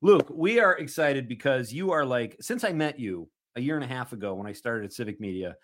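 A man's voice: medium pitch, lively intonation, fairly quick, a bit bright, slight background noise. Upbeat man hosting a quiz. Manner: upbeat, laughs often, reads quiz questions with emphasis. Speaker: radio show host. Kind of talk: casual chat and quiz hosting.

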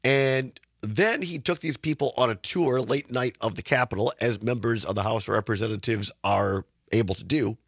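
A middle-aged man hosting a radio talk show, hoarse and raspy from sinus trouble, rambling and repeating words as he talks. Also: mid-range voice, normal speed, few pauses, a bit bright, no room sound, studio quality. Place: radio studio. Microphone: studio microphone.

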